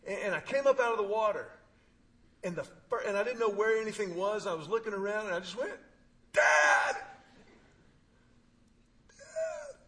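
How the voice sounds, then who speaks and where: A man preaching, telling a personal story with humor and emphatic pauses. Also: high voice, fairly bright tone. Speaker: pastor. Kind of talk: sermon.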